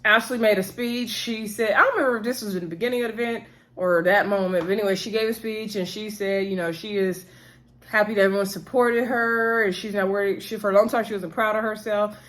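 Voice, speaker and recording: A woman hosting a casual reality TV recap, chatty and sassy, acting out the cast members' lines in quick voices. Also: medium pitch, fairly even intonation, fairly bright tone. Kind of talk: casual chat.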